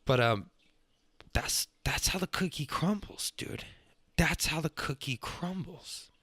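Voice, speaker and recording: A young man, hosting a podcast as a rambling, profane monologue that gets louder when he is worked up. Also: a little high, takes it slowly, slightly rough, no room sound. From Texas. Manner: profane, loose and excitable, swings up when worked up. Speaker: podcast host.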